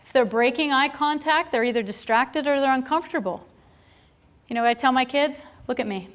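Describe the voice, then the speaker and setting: A woman's voice: high-pitched, brisk, clean tone. A woman presenting a live training seminar to a room of people, chatty, with playful asides and frequent checks of "right?".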